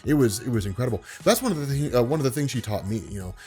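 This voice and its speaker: A man's voice: mid-range voice, soft background music. Laid-back man with a commanding voice. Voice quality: carrying, commanding voice. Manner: calm, laid-back, unhurried; speaks from the diaphragm. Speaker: vlogger. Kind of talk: relaxed talk to camera.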